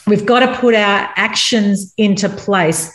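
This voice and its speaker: Her tone is earnest and open as she draws on her own marriage to discuss the subject from a Christian standpoint. The woman's voice is mid-range and unhurried, captured in a room with noticeable echo.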